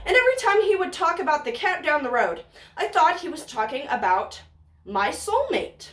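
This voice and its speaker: A woman's voice: high-pitched, very animated, normal speed. A young woman telling a personal story to her viewers in a rambling, gushing way. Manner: gushing, rambling, heavy on "like" and "literally". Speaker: vlogger. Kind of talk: casual storytime monologue.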